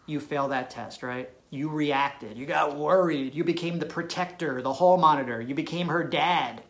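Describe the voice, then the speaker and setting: A man's voice: on the high side, normal speed, hardly any pauses. A man giving dating advice straight to camera, talking in an emphatic, punchy way and checking in with "right?". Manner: emphatic, punchy, tag questions. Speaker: dating coach. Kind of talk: direct-to-camera advice video.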